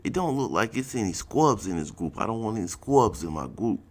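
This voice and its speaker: A man's voice: fairly low pitch, sing-song, a little fast, pitched above the performer's own voice. A man voicing a brash young man with gold teeth, firing off questions in street slang. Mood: sizing up.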